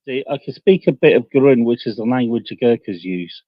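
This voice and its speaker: A man chatting on a voice call with blunt, dry, deadpan humor. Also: mid-range voice, brisk. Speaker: voice chat guest. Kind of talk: casual voice-chat banter. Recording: dull lo-fi voice chat.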